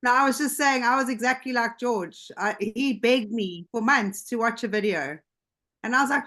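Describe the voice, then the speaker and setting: A woman on a video call telling her own story in a lively, chatty way, slipping into quoted dialogue. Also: fairly high pitch, normal speed. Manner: animated, jumps into quoted dialogue. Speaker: team member sharing her story on a call. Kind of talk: casual storytelling.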